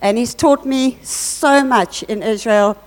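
A woman giving an earnest testimony at church, telling her story with lively reported dialogue. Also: fairly high pitch, slow pace. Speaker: church speaker sharing a testimony. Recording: long hall reverb.

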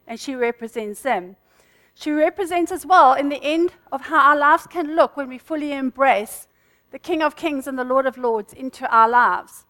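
A church speaker with a high, fairly bright voice gives a church group an informal, fast-paced sermon, chatting with listeners and laughing between points.

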